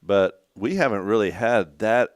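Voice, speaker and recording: Pastor guest, Texas accent, very deep and smooth voice, folksy and earnest, dry studio sound. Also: male voice, a little slow, no room sound. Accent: East Texas. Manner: earnest, folksy, repeats words. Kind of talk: casual radio chat.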